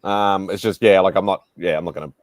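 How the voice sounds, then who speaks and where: A man's voice: deep voice, steady tone, fast talker, dry recording. A man chatting casually on a panel, hesitant and rambling with many fillers. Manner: rambling, hesitant, lots of ums. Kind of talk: casual online hangout chat.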